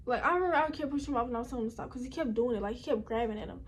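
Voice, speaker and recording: High-voiced young woman rambling through a story. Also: racing, a little hiss or hum. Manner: rambling, chatty, talks straight to viewers. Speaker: vlogger. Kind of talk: casual storytime. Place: indoors at home.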